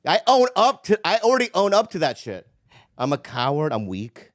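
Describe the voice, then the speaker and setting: A man chatting casually, his pitch leaping up and down as he mocks himself and laughs easily. The sound is close and dry, with no room in it. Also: big pitch swings, normal speed, dry recording. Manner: self-mocking, laughs easily, lots of backchannel yeahs. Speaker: podcast co-host. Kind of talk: casual chat.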